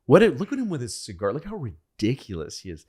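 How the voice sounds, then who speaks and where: A man's voice: mid-range voice, wildly swooping pitch, quick pace, a little mellow, breathy edge. A man putting on a jovial older male president who gleefully mocks an ally. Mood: mocking. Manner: gleeful, taunting.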